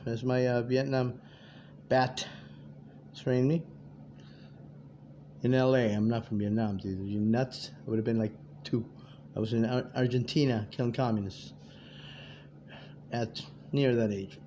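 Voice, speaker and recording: A man's voice: medium pitch, flat delivery, a little slow, long pauses, mellow. A man in his fifties giving a rambling, profane, streetwise monologue to his viewers. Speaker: vlogger addressing viewers. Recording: dull lo-fi audio with faint background noise.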